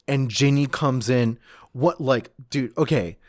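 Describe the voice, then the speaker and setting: A man's voice: mid-range voice, measured pace, darkish tone, no room sound, studio quality. A man co-hosting a podcast, casually recapping a comic chapter in a laid-back way, swearing and saying "like" a lot. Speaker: podcast co-host.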